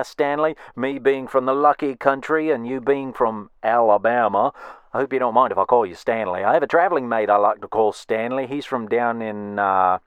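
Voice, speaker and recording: A man's voice: medium pitch, fairly bright tone, clear, resonant tone, dry recording, natural voice. A man doing a cheeky young Aussie joker. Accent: Australian. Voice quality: heavy slang, teasing patter. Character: cheeky young Australian man, joking wiseguy. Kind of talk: comedic sketch bit.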